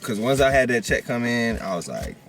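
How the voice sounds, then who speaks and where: A young man talks loosely and casually from the seat of a parked car, his speech full of slang and easy detours. His voice sits at an ordinary middle pitch, and faint music plays underneath. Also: sing-song, a little fast, gravelly. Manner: laid-back, rambling, slangy. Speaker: vlogger. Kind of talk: casual chat.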